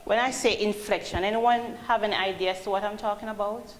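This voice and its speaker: A woman's voice: mid-range voice, steady tone, fairly quick. A woman teaching a call-centre class, calling on students and asking them questions. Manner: calls on students, asks questions. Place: training classroom. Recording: roomy classroom, faint hum.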